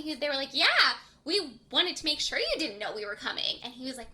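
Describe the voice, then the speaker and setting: Young woman podcast host, bright high voice, chatty plot recap with quick character voices. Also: animated. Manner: retells the plot, acting out the characters' lines. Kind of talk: casual book recap chat.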